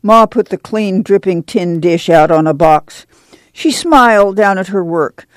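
Female narrator, calm and even, dry sound. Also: medium pitch, a little slow, dry recording. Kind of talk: audiobook narration.

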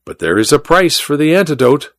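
A man's voice: on the high side, big pitch swings, fairly quick, no echo, studio quality. A man doing a smug, chuckling little druggist. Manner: chuckling, mocking, teasing. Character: sly little male druggist, smug poisoner.

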